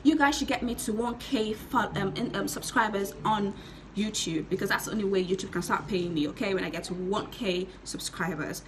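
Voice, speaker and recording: A young woman telling a story to her viewers in a casual vlog, giggling and animated as she talks. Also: medium pitch, a little fast, background noise. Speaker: vlogger.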